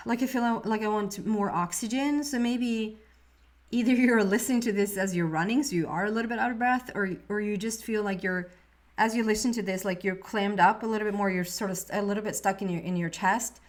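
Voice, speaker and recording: Woman, tarot reader, soft, meandering, restarts her sentences, mid-range voice. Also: medium pitch, fairly quick. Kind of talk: intuitive tarot reading.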